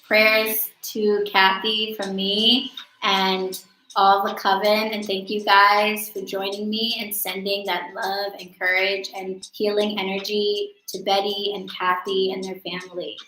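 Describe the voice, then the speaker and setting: A woman in her thirties hosts a casual live stream, chatty and joking and quick to laugh at herself. She talks in an unhurried, drawn-out way. Her voice rings with a roomy echo. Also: medium pitch, little pitch movement, bright, forceful tone. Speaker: host of a live witchcraft coaching stream.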